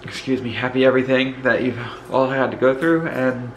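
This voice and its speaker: Faint music plays behind this rough recording of a medium-pitched man talking a little fast. With a Northeastern US accent, he rambles casually through a home vlog as he goes between rooms, tired and relaxed and using fillers. Congestion in his lungs causes an occasional cough.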